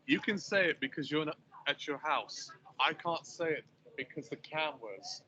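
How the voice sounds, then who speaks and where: Bright-voiced guy rambling in a chat, kinda muffled with some background hiss. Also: fairly high pitch, normal speed. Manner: chatty, rambling, hedging. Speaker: podcast co-host. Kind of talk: casual chat.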